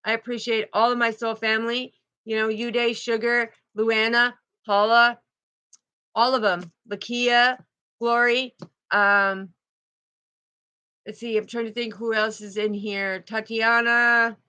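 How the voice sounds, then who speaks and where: A woman's voice: fairly high pitch, flat delivery, measured pace, bright, forceful tone, clear, resonant tone, rough recording. A middle-aged woman, hosting a casual spiritual livestream, effusive and protective as she greets her viewers by name.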